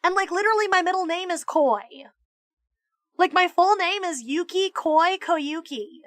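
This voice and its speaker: A woman's voice: extremely high pitch, moderate pace, no echo, clean studio sound. A woman streamer chatting casually on a live stream, mock-ranting with plenty of swearing and stammered restarts. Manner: animated, profane mock-ranting. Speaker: VTuber streamer.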